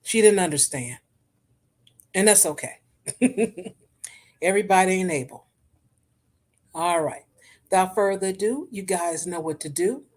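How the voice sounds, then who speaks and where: Chatty animated woman host. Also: unhurried, pauses often. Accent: African American English. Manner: chatty and animated, with sudden jumps in pitch. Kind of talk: casual chat.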